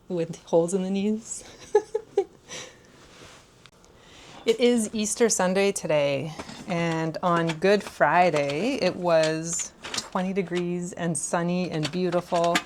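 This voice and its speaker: A woman's voice: fairly low pitch, a little mellow, a little hiss or hum. A young woman chatting casually in a home vlog, rambling and laughing often. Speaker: vlogger. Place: home room.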